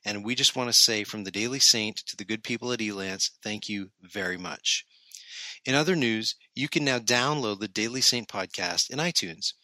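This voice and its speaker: A man's voice: mid-range voice, bright, forceful tone, no room sound. A man in his thirties hosting his own podcast, delivering a scripted solo monologue in a friendly, conversational way with light humor. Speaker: podcast host.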